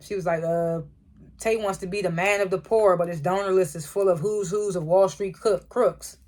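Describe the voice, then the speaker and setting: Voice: mid-range voice, steady tone, a little mellow. A TV reviewer giving a casual, profane recap of an episode, chuckling often and acting out the characters' lines. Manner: chuckles often while retelling scenes; acts out characters' lines in quick quotes.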